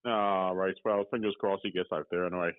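A man's voice: low voice, fairly even intonation, fairly quick, no room sound. A man calling in to a show, chatting casually about theme parks and swearing now and then, heard over a phone line. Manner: chatty, swears casually, says "you know" a lot. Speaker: caller. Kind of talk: casual chat.

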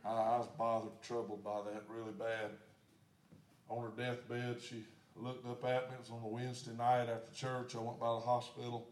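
A man pastor preaching a sermon, swinging from shouted declarations down to hushed storytelling. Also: medium pitch, level tone, normal speed. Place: church sanctuary. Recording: echoey church sanctuary.

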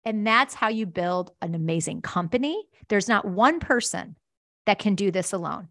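A woman's voice: medium pitch, lively intonation, normal speed, fairly bright tone, dry recording, studio quality. A middle-aged woman, a company founder, answering interview questions enthusiastically and acting out the voices she quotes. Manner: enthusiastic, acts out quoted voices, laughs easily. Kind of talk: animated conversational interview answer.

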